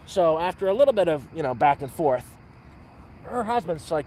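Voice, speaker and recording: A man telling a dirty joke on a livestream at an outdoor campfire, rambling and repeating words, with loud sound effects. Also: on the high side, sing-song, normal speed, a little hiss or hum. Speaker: livestream host.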